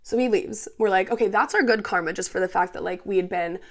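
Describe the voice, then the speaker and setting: A young woman rants through a roommate story, cursing freely and jumping into the voices of the people involved. Her voice sits at an ordinary middle pitch, and her delivery is loose, casual and animated. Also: quick pace. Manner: swears a lot, heated and animated, quotes people as she tells it. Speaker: podcast host.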